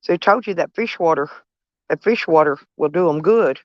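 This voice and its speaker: A woman's voice: deep voice, normal speed, no room sound. Older woman, blunt and profane, casual vlog talk, dry dull recording. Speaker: van life vlogger.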